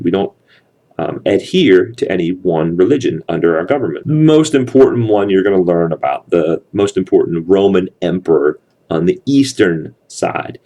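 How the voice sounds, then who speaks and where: Guy teaching a history class, low mellow voice, keeps asking okay?. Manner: explains step by step, often checks in with "okay?". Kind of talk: classroom lecture.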